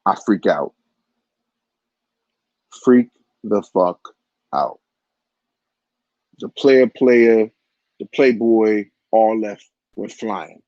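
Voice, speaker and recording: A man's voice: mid-range voice, slow, long pauses, a little mellow, dry recording. A man in his forties telling a raunchy personal story in a crude, rambling way, with frequent asides to the listener. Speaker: vlogger. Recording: dull, lo-fi, dry audio.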